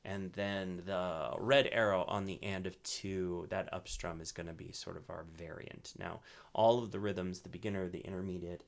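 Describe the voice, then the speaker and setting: A man with a low-pitched, creaky voice gives a relaxed lesson on ukulele rhythm. He explains casually, strums between phrases, and keeps checking in with "right?"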